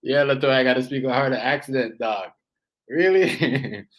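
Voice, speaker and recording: A man's voice: medium pitch, normal speed, low-quality recording. A man with a Jamaican accent chatting casually on a live stream, rambling and repeating himself as he greets viewers.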